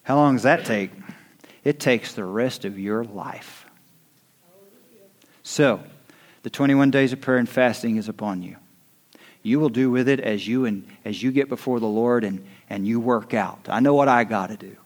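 A pastor delivers his sermon in a mid-range male voice. He drops to quiet, hushed lines, then rises into loud, rising exhortation. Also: mid-range voice, normal speed.

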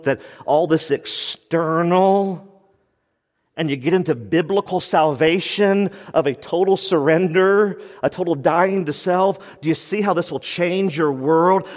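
Fervent preacher man in a big hall. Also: a little high. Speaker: pastor. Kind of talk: sermon.

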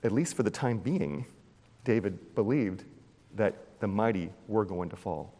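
A man preaching a sermon, retelling a scripture story with animated storytelling, acting out the scenes and cracking puns. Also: on the low side, a little slow. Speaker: pastor. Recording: long hall reverb.

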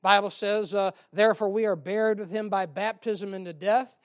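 A man's voice: high voice, fairly even intonation, moderate pace, clean tone, no echo. Male pastor, folksy storytelling sermon, dry close mic. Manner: folksy storytelling with call-and-response asides. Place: church.

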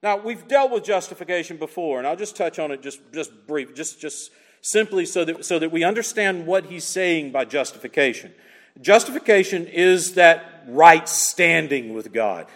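A man preaching with a high, lively voice that swoops up and down as he drives each point home. He keeps asking the congregation short rhetorical questions. The sound carries a long reverb, as in a large sanctuary. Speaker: pastor. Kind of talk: expository sermon.

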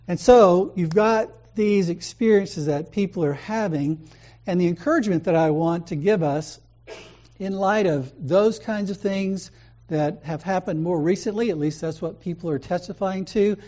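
A man's voice: sits high, moderate pace, dark tone. Man preaching in a dull, muffled recording. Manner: conversational storytelling preaching. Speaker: pastor. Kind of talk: sermon.

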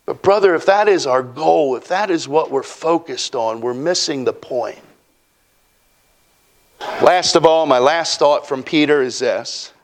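High-voiced folksy preacher. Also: male voice, unhurried. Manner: folksy, preaching with acted-out quotes. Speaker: pastor. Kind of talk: sermon.

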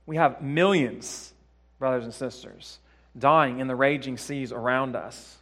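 A man preaching a sermon in a church, dropping to hushed tones and then building to loud, emphatic peaks, with repeated phrases and rhetorical questions. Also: medium pitch, unhurried. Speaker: pastor.

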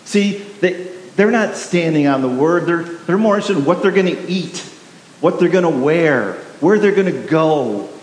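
A pastor preaching a sermon, emphatic and repetitive, putting questions to the congregation. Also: male voice, on the high side, expressive, normal speed. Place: church sanctuary. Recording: echoey hall with faint hiss.

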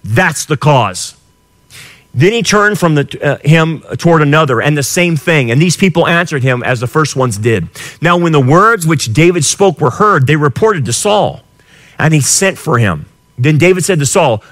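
Impassioned preacher man, lively high voice. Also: moderate pace. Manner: impassioned preaching, swinging from quiet to shouted. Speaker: pastor. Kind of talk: sermon.

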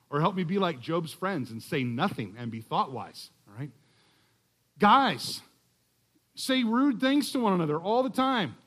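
A man's voice: a little high, very animated, normal speed, pushed and bright. A man preaching as a guest speaker in a church, explaining a scripture passage in a conversational way with humorous asides. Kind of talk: sermon.

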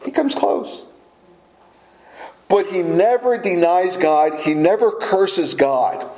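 A man's voice: high-pitched, animated, slow, dark tone. Earnest preaching man, echoey room. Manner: earnest, repeats key phrases for emphasis. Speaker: pastor. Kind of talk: sermon.

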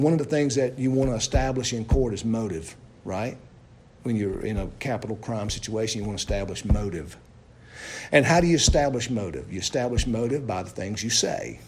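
A man preaching a sermon, asking his listeners loud questions and dropping to low, hushed lines. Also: husky.

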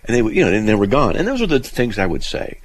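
A man hosting a call-in radio show, telling a story in a lively, animated way with many restarts. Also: lowish voice, fast, breathy edge, low-quality recording. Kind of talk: casual call-in radio talk.

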